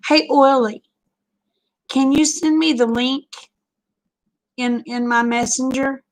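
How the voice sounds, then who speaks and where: A woman, chatting casually with viewers on a livestream, folksy and quick to laugh. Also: sits high, fairly even intonation, rough recording. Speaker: livestream host.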